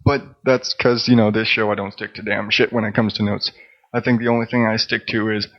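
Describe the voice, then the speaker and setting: A man's voice: lowish voice, flat delivery, moderate pace, dull audio. A man hosting his own podcast, talking casually in a rambling, profane, self-deprecating way. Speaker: podcast host. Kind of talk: casual solo monologue.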